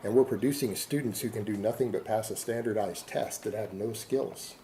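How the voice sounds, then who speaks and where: A man's voice: on the low side, normal speed, mellow, slight background noise, rough recording. A middle-aged man from Texas in a casual, rambling monologue to camera, defiant and full of rhetorical questions. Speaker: online video creator.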